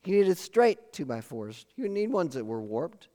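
A man's voice: a little high, big pitch swings, normal speed, dark tone. A man preaching a sermon with emphatic repeated phrases and questions to the congregation. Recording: long hall reverb.

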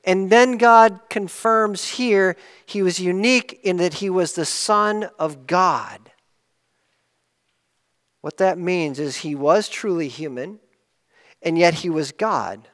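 A man preaching a sermon, explaining each point earnestly, rising for emphasis and dropping low to close a point. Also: slow, fairly bright tone, in a large hall.

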